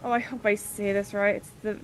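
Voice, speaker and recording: A woman's voice: mid-range voice, little pitch movement, a little fast, slight background noise. A woman casually recapping a tabletop game session, chatty and giggly, briefly acting out the party members' lines. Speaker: player recapping the previous session.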